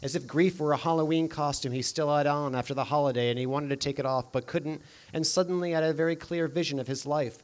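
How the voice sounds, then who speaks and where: A man reading first-person scripted narration in a deadpan, dry comic manner. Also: fairly high pitch. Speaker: audiobook narrator.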